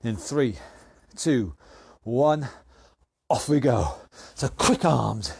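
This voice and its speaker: Man, fitness instructor, slow deliberate cues, counting down, exercising along. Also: mid-range voice, animated, gravelly, a little mellow, slight background noise. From United Kingdom. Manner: counts down and cues exercises while working out himself. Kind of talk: live online workout class.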